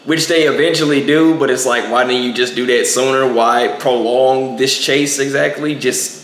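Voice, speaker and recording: A man's voice: mid-range voice, fairly even intonation, moderate pace, a bit bright, echoey room. Rambling young man reviewing a movie. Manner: rambling, lots of filler words. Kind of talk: casual movie review commentary.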